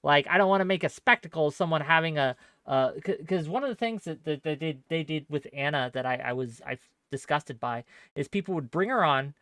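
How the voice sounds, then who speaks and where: The host of a live-streamed debate panel, speaking with quick asides and often correcting themselves mid-sentence. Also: mid-range voice, a bit bright, dry recording, clean studio sound.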